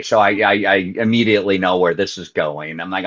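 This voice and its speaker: A middle-aged man, a podcast guest, telling a story with lively back-and-forth dialogue. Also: low-pitched, fast talker, hardly any pauses. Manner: animated storyteller acting out both sides of a phone call. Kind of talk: storytelling in an interview.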